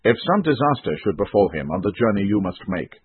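A man's voice: on the low side, sing-song, fairly quick, husky, dry recording. A man reading the lines of a grieving, white-haired old father, in a mournful, protective manner over a tinny recording. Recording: tinny phone-like dry recording.

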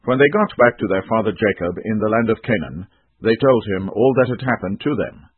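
A man narrating a scripture reading in a measured, solemn manner over a tinny recording. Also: fairly low pitch, slightly rough, dry recording. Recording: tinny phone-like dry recording.

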